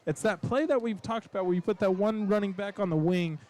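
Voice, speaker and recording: A man doing color commentary for high school football, chatty and joking, with plenty of fillers. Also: a little fast, darkish tone.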